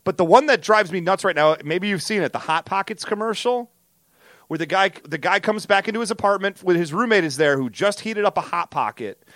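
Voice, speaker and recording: A man's voice: high voice, fairly quick, dry recording. An American man co-hosting a casual chat show, ranting animatedly about commercials. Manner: animated, ranting, does silly voices. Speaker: podcast co-host.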